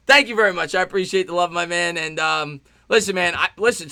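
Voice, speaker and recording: Host type: fired-up New guy, high, piercing voice, dry close mic, live play-by-play. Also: no echo. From New York. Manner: loud, passionate, fast-talking. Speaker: livestream sports host. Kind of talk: live play-by-play and chat reaction.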